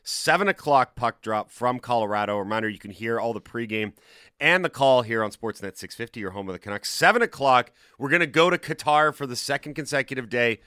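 A man hosting a sports radio show, briskly and eagerly running through the evening's schedule. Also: mid-range voice, bright, forceful tone, clean tone, dry recording, clean studio sound. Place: radio studio.

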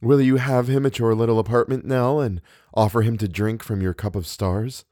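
A man reading a novel aloud, voicing a cynical young woman who teases softly and sounds weary. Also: mid-range voice, steady tone, normal speed, dry recording, studio quality, natural voice. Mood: tormenting. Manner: soft, tormenting, weary.

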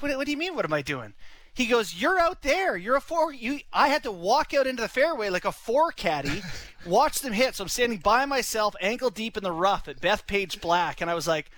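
A man's voice: high voice, big pitch swings, a little fast, fairly bright tone, poor audio. A young man telling a long personal story in a rambling, casual way, full of "you know" and "like". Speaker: son-in-law telling a story.

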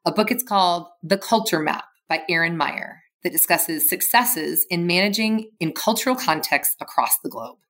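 A woman speaks in a fairly low voice, telling a workplace story in a steady, measured way. She sounds like a leadership facilitator giving a reflective podcast segment.

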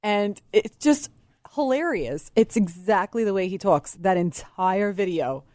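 A woman working as a radio show producer, joining the host on air with lively, teasing banter. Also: mid-range voice, unhurried, no room sound. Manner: laughing, animated, teasing. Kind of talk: casual talk radio banter. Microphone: studio microphone.

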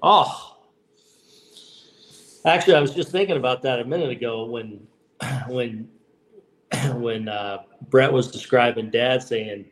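A man in his fifties, a baseball manager and guest, telling stories in relaxed podcast chat, with frequent restarts. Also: medium pitch, measured pace, long pauses. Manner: relaxed, many restarts and "you know"s. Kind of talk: casual podcast storytelling.

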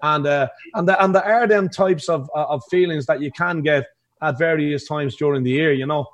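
A man's voice: a little high, normal speed. A man with an Irish accent, a pub band musician, chatting casually on a podcast and laughing often.

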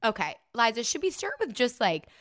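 A woman co-hosting a podcast, with lots of swing in her pitch. She chats casually, laughs easily and acts out what people said. The sound is dry and close. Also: no room sound. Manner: lively, laughing, quick to act out quotes. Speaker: podcast co-host. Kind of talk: casual chat.

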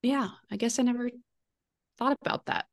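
A woman co-hosting a podcast in casual chat, relaxed, with short replies and frequent laughter. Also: fairly high pitch, moderate pace, dry recording, clean studio sound. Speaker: podcast co-host.

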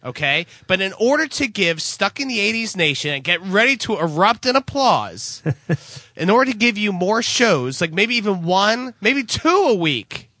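A man with a high, very animated voice rambles excitedly through a casual podcast chat, tripping over his own words. His tone is bright and pushy, recorded close and dry with no room sound. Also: moderate pace, no room sound. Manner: excitable, rambling, stammering pitchman. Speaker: podcast co-host.

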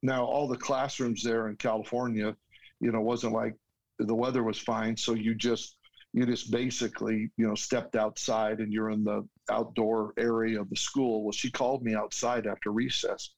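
A man's voice: lowish voice, flat delivery, moderate pace, low-quality recording. A man, a guest, telling a personal story in an earnest, heartfelt way with restarts. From United States.

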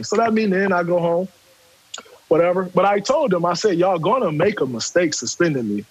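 Husky high-voiced man telling a story. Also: brisk, poor audio. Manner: animated, profane, acts out quotes. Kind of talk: casual storytelling.

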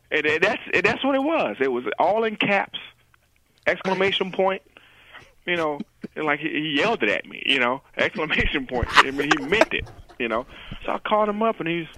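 A man, a guest, telling a story with animated quoted dialogue and lots of "you know" fillers. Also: a little high, no room sound, low-quality recording.

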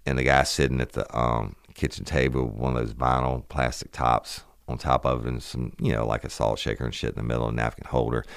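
A man's voice: extremely low pitch, vocal fry, clear, resonant tone, dry recording, clean studio sound. A middle-aged man, hosting a podcast and telling a police story in a profane, rambling, casual way. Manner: profane, rambling, animated retelling of a police call. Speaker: podcast host.

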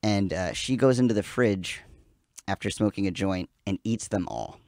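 A man in his thirties, a podcast guest, telling a rambling, animated story in casual chat and swearing freely. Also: fairly low pitch, moderate pace, dry recording, studio quality.

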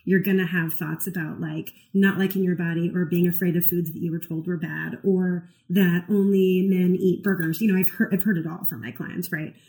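A woman's voice: fairly low pitch, fairly even intonation, normal speed, few pauses, mellow, poor audio. A woman who counsels clients, co-hosting a casual chat and explaining ideas animatedly, with many "like"s and "you know"s. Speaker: therapist and podcast co-host.

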